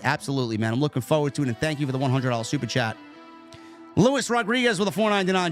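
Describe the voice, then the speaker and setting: Talking very fast in a fairly high voice, a man from New York runs a casual wrestling review show over soft background music. He reads super chats and goes on profane, blunt, animated rants.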